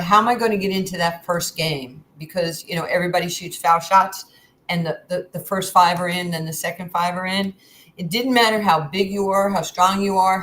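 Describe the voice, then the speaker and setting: Here a New York woman in her sixties, a guest on the show, shares frank, lively stories in casual conversation, performing the quoted lines herself. Her voice is lowish and the recording quality is poor.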